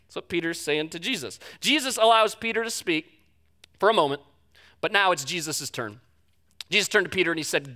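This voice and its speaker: A young adult man preaching a sermon as pastor, telling stories animatedly and acting out the voices in them. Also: a little fast. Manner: animated storytelling, acts out quotes with big pitch jumps.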